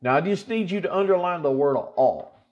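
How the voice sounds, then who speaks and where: A man's voice: high voice, animated, normal speed, darkish tone, lo-fi sound. A man, a pastor chatting casually and then reading Scripture with emphatic, folksy repetition. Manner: emphatic, folksy, repeats for stress. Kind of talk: casual chat and Bible reading.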